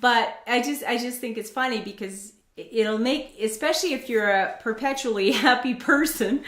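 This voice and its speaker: A woman hosts a relaxed conversational interview. She talks in a chatty way and drops into quick impressions of what people say. Her voice bounces around a noticeably echoey room. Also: fairly high pitch. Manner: chatty, acts out quoted voices in dialogue. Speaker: host.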